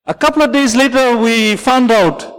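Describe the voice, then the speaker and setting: A man's voice: very high voice, moderate pace, fairly bright tone, clear, resonant tone, long reverb tail, rough recording. A man preaching a sermon as pastor, telling a story and calling out "Amen" and "Praise the Lord" to his congregation.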